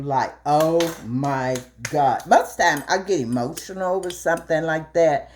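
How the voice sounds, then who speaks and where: A woman's voice: unhurried, hardly any pauses, a little hiss or hum. A middle-aged woman telling a story casually while cooking, acting out the dialogue with big jumps in her voice. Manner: animated, acts out dialogue with big pitch jumps. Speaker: vlogger.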